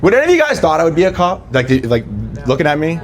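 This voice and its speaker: A young man from the East Coast of the US doing a stand-up set, telling stories with lots of swagger and jumping into squeaky voices for the people in them. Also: quick pace. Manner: animated storytelling, jumps into high squeaky voices for characters. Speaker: stand-up comedian.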